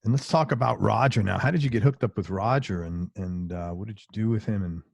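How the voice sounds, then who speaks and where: A man hosting a casual interview, chatty and eager, reacting quickly to his guest. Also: lowish voice, creaky, husky, dry recording. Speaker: interview host.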